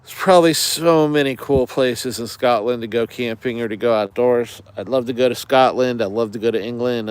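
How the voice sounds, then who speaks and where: A man's voice: mid-range voice, a little fast, hardly any pauses, clean tone, no echo. A man hosting an outdoors channel, rambling chattily to viewers in a livestream from the woods. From United States. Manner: chatty, digressive, many fillers, greets viewers.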